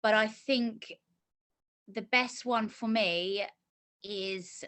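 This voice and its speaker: A woman's voice: mid-range voice, drawn-out words, a bit bright. A middle-aged woman being interviewed about a course she finished, talking earnestly and at length, often restarting her sentences. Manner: earnest, talkative storytelling with many restarts. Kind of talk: casual interview.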